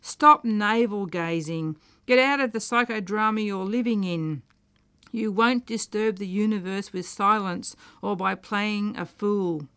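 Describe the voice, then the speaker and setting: A woman's voice: mid-range voice, a little slow, a bit bright, smooth, no echo. A woman reading as a bossy exasperated woman. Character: brisk woman lecturing her indecisive suitor.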